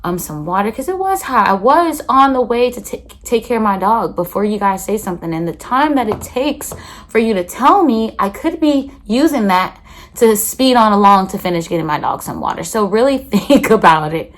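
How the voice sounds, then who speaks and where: A woman's voice: mid-range voice, lively intonation, moderate pace, fairly bright tone. A young woman chatting casually to her phone camera in a rambling vlog, full of fillers. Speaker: vlogger. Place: outdoors on a walk, then at home.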